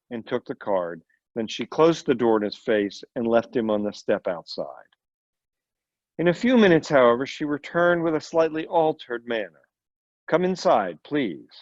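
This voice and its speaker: A man's voice: medium pitch, expressive, moderate pace, no room sound. A man, a volunteer reader, reading a short story aloud with occasional slips and brief asides. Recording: dull lo-fi recording.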